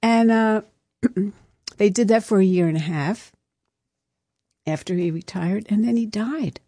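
In a dry studio recording, a woman with a warm, medium-pitched voice hosts a live radio show, taking her time. She tells stories in a chatty, anecdotal way, rambling and restarting as she goes, into a studio microphone.

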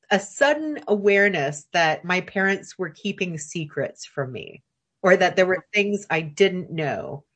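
A woman's voice: mid-range voice, slightly rough. A woman from the United States, a writer, talking as a guest on a radio interview and recalling stories in a reflective way. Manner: reflective, anecdotal storyteller.

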